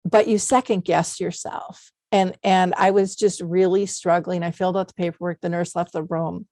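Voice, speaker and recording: A woman's voice: on the low side, little pitch movement, normal speed, a little mellow, no echo, studio quality. A middle-aged woman hosting an interview podcast, telling personal stories in an earnest, heartfelt way with many fillers. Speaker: podcast host. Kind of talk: conversational interview.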